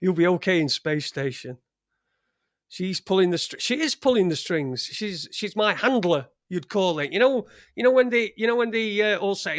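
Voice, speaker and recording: A man's voice: high voice, lively intonation, moderate pace, no room sound, studio quality. A middle-aged man with a Yorkshire accent, hosting a casual livestream with rambling, crude, joking chat. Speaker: livestream host. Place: home studio in front of a green screen.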